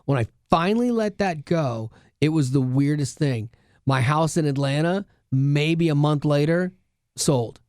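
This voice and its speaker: Male podcast co-host, earnest storyteller, a bit high-pitched, dry close mic. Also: expressive, unhurried, darkish tone, dry recording. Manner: earnest storytelling with many restarts. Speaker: radio show co-host. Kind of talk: casual podcast chat.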